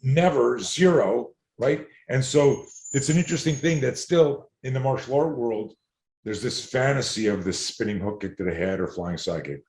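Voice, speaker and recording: A man who teaches self-defense, telling stories in an interview in an animated, digressive way. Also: medium pitch, moderate pace. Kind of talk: storytelling interview answers. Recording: roomy echo.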